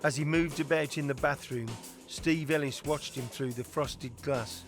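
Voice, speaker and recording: A man giving measured, scripted documentary narration. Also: fairly high pitch, steady tone, soft background music.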